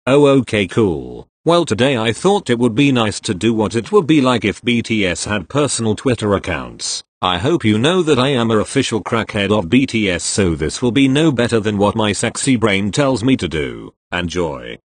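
A man's voice: on the low side, sing-song, normal speed, hardly any pauses, dry recording. A man narrating a comic fan video, reading made-up posts in a goofy, self-mocking way. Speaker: video creator.

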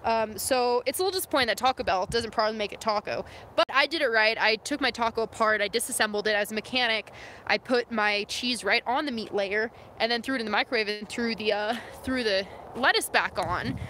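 Bright-voiced chatty young woman outdoors. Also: on the high side, fairly quick. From San Francisco. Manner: chatty, laughs often, reads viewer comments aloud. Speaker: vlogger reading live chat. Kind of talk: casual live-stream chat. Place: outdoors in the wilderness. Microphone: phone camera. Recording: faint outdoor noise.

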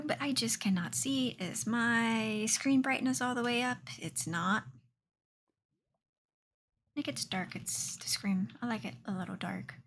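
A woman's voice: fairly high pitch, unhurried, a bit bright, a little hiss or hum. A young woman streaming a game live, chatting to herself and often dropping into a whisper. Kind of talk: live gameplay commentary.

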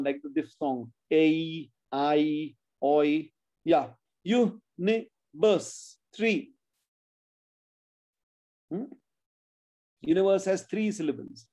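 A man's voice: sits high, warm tone. Guy teaching spelling on a video call, explains rules, corrects kids, drops in some hindi. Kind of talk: online class lesson.

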